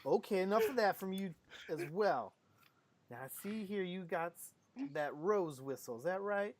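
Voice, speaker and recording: A woman's voice: on the low side, lively intonation, moderate pace, darkish tone, slight background noise. A woman narrating as game master of a tabletop game, chatty and full of filler words.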